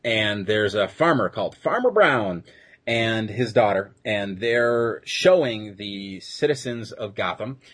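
A man with a lowish, husky, slightly bright voice speaks slowly and expressively. He co-hosts a podcast that reviews episodes, retelling one in a loose, rambling way packed with fillers during casual chat.

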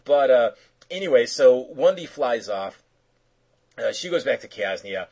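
A man's voice: medium pitch, animated, measured pace, a little mellow, husky, rough recording. A man co-hosting a podcast, casually recapping an episode in a rambling, joking way. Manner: rambling, joking, filler-heavy. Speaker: podcast co-host.

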